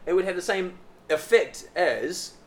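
A high-pitched young man co-hosting a podcast speaks a little slowly while trading casual banter and telling rambling, profane stories with animation. He lives in a southern Chinese city.

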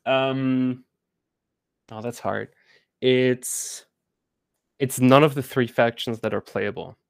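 A man talking as a guest in a casual interview, halting with many restarts and fillers and laughing often. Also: medium pitch, fairly even intonation, vocal fry, clean tone, no room sound, studio quality. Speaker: game co-founder guest.

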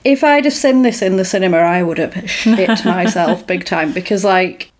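A woman's voice: fairly low pitch, moderate pace. A woman in casual chat, laughing often and acting out the characters as she retells a film. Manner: chatty, laughs a lot, acts out lines. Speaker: podcast co-host.

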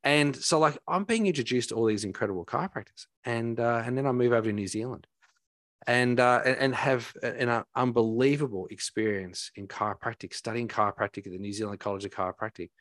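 A man's voice: medium pitch, fast, a bit bright, no echo, studio quality. A man, a guest telling heartfelt stories in a rambling way, with many fillers and restarts. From Australia. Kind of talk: casual storytelling.

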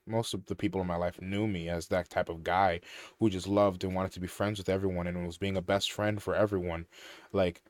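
A man's voice: low voice, a little mellow, dry recording. Emotional young man rambling heartfelt thanks. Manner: rambling, emotional, with many restarts and "like". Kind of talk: casual heartfelt monologue.

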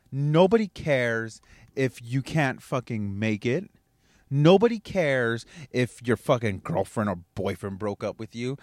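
A man's voice: mid-range voice, no echo, clean studio sound. A man, a father, giving a blunt, profane motivational rant as a podcast host. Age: adult with kids.

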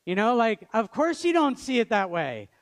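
A young man with a high voice preaches a sermon. He talks loosely and jokes, and he acts out the people he quotes. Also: huge pitch swings, moderate pace. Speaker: pastor.

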